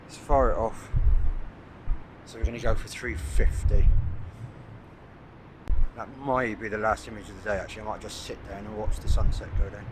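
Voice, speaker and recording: A man's voice: fairly low pitch, little pitch movement, moderate pace, long pauses. Guy about sixty, rambling photography vlog on a cliff, lots of uhs, outdoor noise in the background. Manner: rambling, thinking aloud with many "uh"s. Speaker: landscape photographer vlogger. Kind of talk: casual talk to camera while shooting. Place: outdoors on a coastal cliff at sunset. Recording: outdoor noise clearly heard behind.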